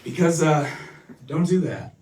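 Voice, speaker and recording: A man doing a crude, rambling stand-up comedy set, often shouting and laughing. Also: on the high side, lively intonation, measured pace, distant mic, a crowd in the background. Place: small comedy venue.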